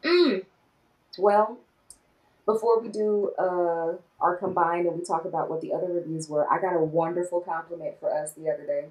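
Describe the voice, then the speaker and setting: A woman co-hosts a casual movie review podcast with a low voice. She is animated and swears freely, acting out quoted lines. Her voice sounds set back a little from the microphone. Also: normal speed, distant mic, low-quality recording. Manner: animated, swearing, quoting herself and others. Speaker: podcast co-host.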